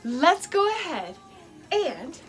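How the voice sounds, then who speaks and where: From her home basement, a woman leads children through a guided movement storytime built around dance. Her voice is very high and sing-song, her pace slow, and she stays playful and encouraging, laughing often and making animal sounds while faint music plays behind her.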